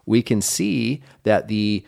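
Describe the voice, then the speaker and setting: Low-voiced man coaching with emphasis. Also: takes it slowly, creaky, a little mellow. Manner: emphatic, acts out sample dialogue. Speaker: podcast co-host, real estate coach. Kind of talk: casual coaching chat.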